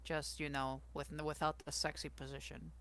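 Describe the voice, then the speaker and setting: A man's voice: on the high side, little pitch movement, normal speed, a bit bright, clean tone. A man playing in a tabletop game who is self-conscious and laughs at himself while setting up his character's scene. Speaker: player. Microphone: home mic on an online call.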